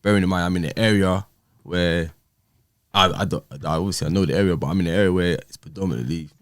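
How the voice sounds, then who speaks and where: Man, low voice, dry close sound, animated storytelling. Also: quick pace, no room sound. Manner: animated, acts out quoted exchanges. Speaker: podcast guest. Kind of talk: casual storytelling.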